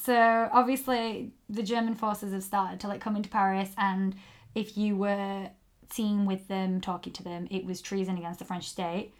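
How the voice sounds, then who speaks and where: A chatty woman co-hosting a podcast, telling a story in a relaxed, conversational way. She breaks into giggles and side comments as she goes, with a voice of ordinary pitch. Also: moderate pace. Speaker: podcast co-host. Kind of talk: casual podcast chat.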